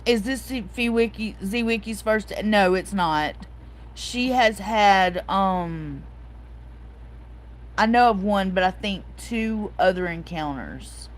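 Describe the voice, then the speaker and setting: A woman's voice: medium pitch, slow, slight background noise, rough recording. A woman, hosting a casual livestream chat, telling a story and reading out viewer comments. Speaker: host.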